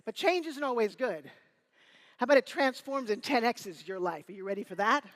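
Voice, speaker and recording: A woman in her fifties giving a live motivational keynote on stage, energetic and teasing, rallying the crowd with call-and-response. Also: fairly high pitch, moderate pace. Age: 50s. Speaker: motivational speaker. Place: stage before a live audience in a hall. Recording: room reverb.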